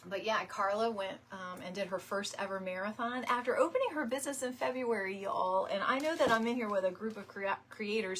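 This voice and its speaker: A woman hosting a live wreath-making stream talks casually while crafting, laughing often and welcoming viewers by name. Her medium-pitched voice is fairly bright and fairly quick, with hardly any pauses, over slight background noise.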